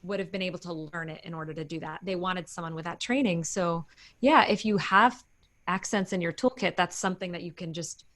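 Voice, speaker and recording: A woman host reads out listener questions in a video interview. She keeps things moving with brisk, encouraging replies and talks about her own audiobook narration work. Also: fairly low pitch, fairly bright tone.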